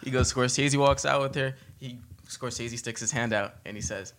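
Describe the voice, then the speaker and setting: A young man from New Jersey tells a story in a relaxed, easygoing way. His voice sits at an average pitch, and his delivery is conversational and unhurried. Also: a little hiss or hum. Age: young adult. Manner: laid-back, storytelling, laughs easily. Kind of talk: casual chat.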